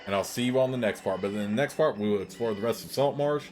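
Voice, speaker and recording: A man's voice: on the low side, fast talker, slight background noise. A man playing through a game, reading its narration aloud and chatting casually about it. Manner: reads narration aloud in a plain, even way. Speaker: let's play gamer.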